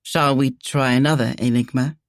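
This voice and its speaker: A woman's voice: very deep voice, steady tone, normal speed, no room sound, studio quality, voice pushed down. A woman narrator voicing a reserved, earnest man, a duke who breeds horses. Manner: earnest, restrained.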